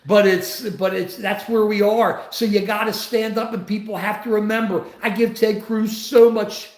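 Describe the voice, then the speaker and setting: Older male host in his 70s, high-pitched and fired up, rambling political talk, echoey room. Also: little pitch movement, normal speed. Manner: impassioned, rambling with restarts. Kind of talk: political commentary on a live show. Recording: roomy echo.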